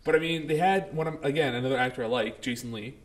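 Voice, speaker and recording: A man's voice: medium pitch, fast talker. A man co-hosting a casual podcast chat, rambling with lots of fillers. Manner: rambling, filler-heavy talk. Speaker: podcast co-host.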